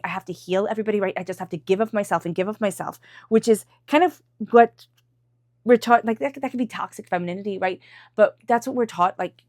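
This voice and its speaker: A woman giving a spoken tarot reading, chatty and meandering, softly repeating invocations as she draws cards. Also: medium pitch, no room sound, studio quality. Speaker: tarot reader.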